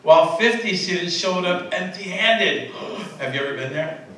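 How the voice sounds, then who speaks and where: A fairly high-voiced man delivers a sermon in a casual, chatty way, often stopping to fix his words and laughing with his listeners. He is recorded from a distance in a very reverberant church sanctuary, with faint room noise behind him. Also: lively intonation, moderate pace, a bit bright. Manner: conversational, self-correcting, laughing asides to the congregation. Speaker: preacher.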